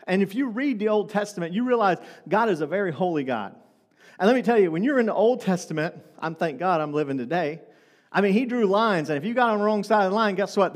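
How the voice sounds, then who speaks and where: A man with a notably high voice preaches a sermon to his congregation. He talks in a loose, conversational way and keeps throwing rhetorical questions at the room. His voice rings out with the long reverb of a church hall. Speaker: pastor.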